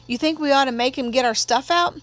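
A curious young tomboy girl, as a woman narrator puts her on, asking plain questions. Her voice sits fairly high. It is read as part of an audiobook. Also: a little fast, fairly bright tone. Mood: worried. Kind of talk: audiobook reading.

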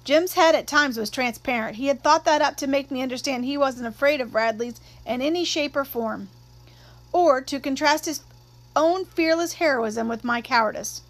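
A woman narrating a first-person novel aloud in a measured, expressive storytelling manner. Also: high voice. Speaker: audiobook narrator.

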